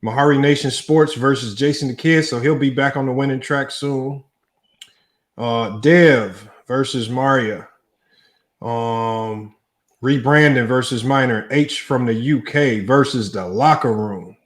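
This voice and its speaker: Male host, casual and slangy, reads matchups off a screen, average pitch. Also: a little slow. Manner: relaxed, slangy, thinks aloud. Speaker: debate show host. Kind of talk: casual livestream chat, reading out a list.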